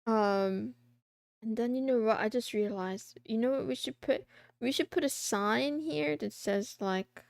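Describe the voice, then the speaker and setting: A woman's voice: a little high, a little slow, vocal fry, no echo, clean studio sound. A woman streamer chatting casually while she draws a comic, rambling, giggling and joking with herself.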